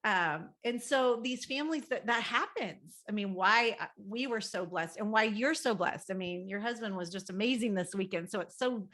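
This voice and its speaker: A woman's voice: medium pitch, moderate pace, hardly any pauses, fairly bright tone. Middle-aged woman, guest counselor, casual podcast chat, candid and rambling, lots of fillers.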